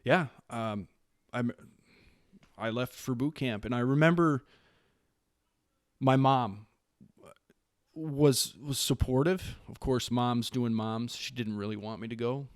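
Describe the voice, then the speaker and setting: A man's voice: mid-range voice, takes it slowly, clear, resonant tone, no room sound, clean studio sound. A man in his late thirties from Wisconsin, a Marine staff sergeant who is the guest in a casual interview, telling stories with many restarts and acting out the lines people said to him. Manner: animated storyteller who acts out quoted lines, with frequent restarts.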